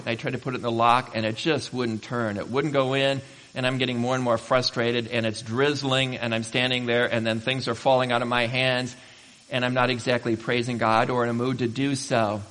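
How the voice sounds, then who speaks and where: A man preaching a sermon as pastor, emphatic and building to loud exhortation. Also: mid-range voice. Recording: reverberant hall.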